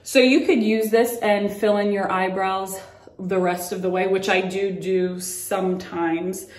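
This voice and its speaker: A young woman talks slowly through her makeup routine, a little out of breath and leaning on fillers as she shows each step. Her voice sits in a middling pitch and bounces around an echoey room at home. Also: steady tone. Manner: chatty, filler-heavy, demonstrating as she goes. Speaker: beauty vlogger. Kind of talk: casual makeup tutorial. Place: at home by a mirror.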